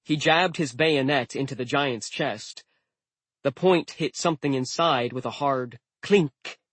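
A man narrating a novel in the first person with a steady, wry, measured delivery. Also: medium pitch, no room sound. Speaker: audiobook narrator.

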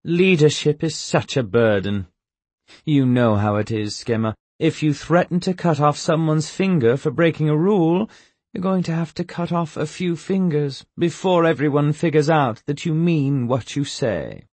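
A man playing a calm, menacing villain. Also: a little high, normal speed, no room sound, voice pushed up. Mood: taunting. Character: cold, amused male villain seizing command.

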